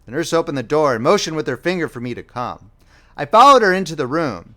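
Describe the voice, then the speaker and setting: A man reading a novel aloud as an audiobook narrator, in a plain, measured first-person style. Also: a little high, big pitch swings, a bit bright.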